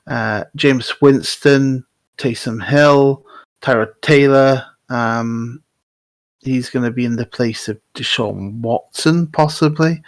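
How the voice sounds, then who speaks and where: A man's voice: mid-range voice, dry recording. A man hosting a casual sports podcast, chatty and laughing easily, often restarting his sentences. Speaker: podcast host.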